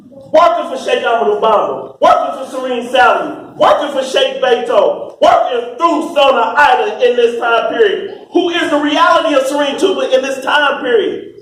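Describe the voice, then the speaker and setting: A high-voiced American man preaches with fervor, his words pushing up into shouts as he addresses a packed room. The sound is heavily echoey, as if caught in a big hall from well away from the mic. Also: recorded from a distance. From United States. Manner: fervent preaching, rising to shouts. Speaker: speaker at a religious gathering. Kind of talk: impassioned religious address. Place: large room full of people.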